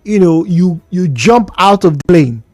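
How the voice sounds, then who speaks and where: A man's voice: high voice, animated, a little slow, a little mellow, no echo. A man with a Nigerian accent, a radio co-host chatting and interjecting in a talk show discussion.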